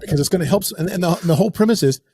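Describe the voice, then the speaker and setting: A man in his forties, a podcast guest, talking in a relaxed, joking way with many pauses and fillers, with a husky voice. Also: sits high. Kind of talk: conversational interview.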